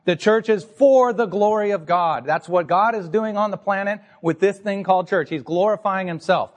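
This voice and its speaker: A man's voice: high-pitched, normal speed, in a large hall. A man pastor preaching an emphatic, teacherly sermon to his congregation in a church sanctuary.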